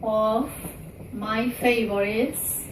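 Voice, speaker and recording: Slow, echoey woman teaching grammar. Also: fairly high pitch, steady tone. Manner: slow, with frequent fillers and "okay?" checks. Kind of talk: recorded grammar lesson. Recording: echoey room, distant mic, faint noise.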